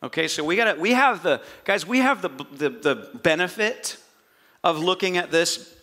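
A male pastor preaching a sermon, telling the story with animated energy and jokey asides. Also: sits high, moderate pace.

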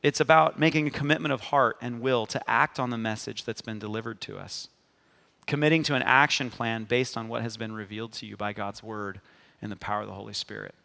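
Gravelly man preaching in a reverberant hall. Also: medium pitch, steady tone, brisk, sharp tone. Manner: emphatic preaching, repeated 'amen?' to the congregation. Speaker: pastor. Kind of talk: sermon.

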